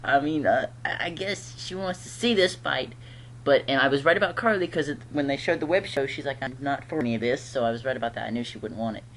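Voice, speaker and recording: A man's voice: medium pitch, expressive, fast talker, fairly bright tone, a little hiss or hum. A man giving a casual, rambling episode recap, chatty and laughing often. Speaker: TV episode reviewer.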